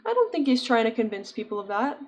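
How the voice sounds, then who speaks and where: A woman's voice: on the high side, big pitch swings, quick pace. A young woman chatting casually with her viewers while she crochets, giggling often and answering chat. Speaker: streamer.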